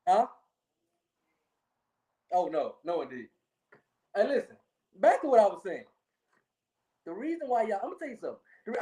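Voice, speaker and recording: A woman co-hosts a casual sports podcast in a high, mellow voice. Her pitch leaps around as she spins stories, laughs, and keeps checking in with "okay?". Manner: animated storyteller, keeps repeating okay, laughs often. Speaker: podcast co-host.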